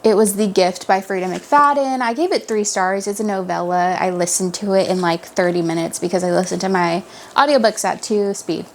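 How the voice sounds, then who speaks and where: A woman's voice: mid-range voice, brisk, a little hiss or hum. Giggly chatty young woman. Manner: giggly, chatty, full of fillers. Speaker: book reviewer. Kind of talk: casual chat.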